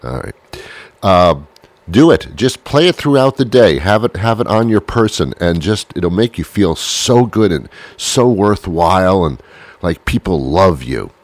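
A man with a very deep, low voice hosts a comedy show. He rambles through his monologue, teasing himself and circling back on his jokes. The sound is dry and close, with no room echo. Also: expressive, measured pace. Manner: playful, self-mocking, rambling with restarts.

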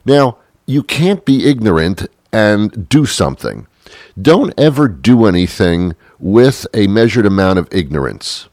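A man with a low voice delivers a rambling, sarcastic comedic monologue. His pitch swings widely as he mocks and acts out bits. The sound is dry and close. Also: sing-song, unhurried, darkish tone, dry recording.

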